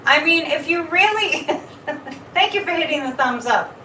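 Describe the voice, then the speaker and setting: Brief: high, bright-voiced woman hosting a live chat stream, animated and repetitive. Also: measured pace, a little hiss or hum. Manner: animated, repeats words, reads viewer comments. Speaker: psychic livestream host. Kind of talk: casual livestream chat. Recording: echoey room, mic at a distance.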